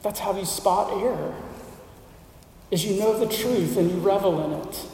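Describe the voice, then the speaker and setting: A male pastor with a high, mellow voice preaches an unhurried sermon, pausing between phrases and building emphatic lists. He sounds a little distant from the mic, and his voice rings through a large, reverberant church hall. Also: gravelly, slight background noise. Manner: measured preaching with deliberate pauses and emphatic lists.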